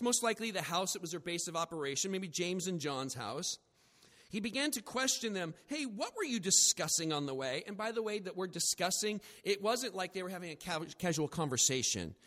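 High-voiced preacher in an echoing hall. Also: male voice. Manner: animated, acts out quoted voices, self-deprecating jokes. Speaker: pastor. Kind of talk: sermon.

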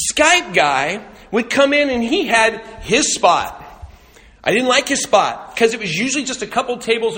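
A man with a high, bright voice preaches a sermon, speaking conversationally and slipping in humorous asides as he tells a story. He sounds like a pastor addressing his congregation.

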